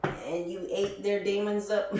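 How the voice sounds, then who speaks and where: A woman's voice: mid-range voice, level tone, measured pace, very echoey, background noise. A woman giving a casual spiritual reading, exuberant and profane, laughing often as she talks. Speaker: spiritual reader.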